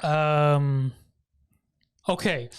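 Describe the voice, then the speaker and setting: Man, podcast co-host, casual anime recap, frequent laughter, quick character asides. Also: a little high, fairly even intonation, clean tone.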